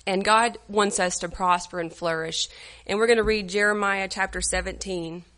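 A woman, leading a church devotional, tearful and halting, with many fillers. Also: mid-range voice, fairly even intonation, a bit bright. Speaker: women's church group leader.

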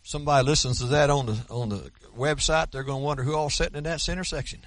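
A man preaching a sermon as pastor, emphatic and folksy, slowing down to stress scripture. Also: on the high side, steady tone, a bit bright, no echo. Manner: folksy, with colloquial asides and repeated words.

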